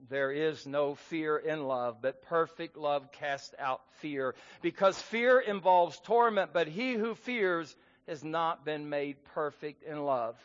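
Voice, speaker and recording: A man preaching a sermon in an earnest manner, reading scripture aloud with rising emphasis. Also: a little high. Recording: muffled sound in a hall with long reverb.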